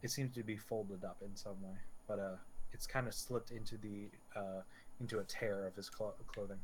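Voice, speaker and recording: A man with a low voice runs a tabletop game, narrating each step and stumbling over repeated words as he goes. Faint noise hums under a streamed recording. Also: steady tone, rough recording. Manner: halting, repeats words while describing. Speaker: game master.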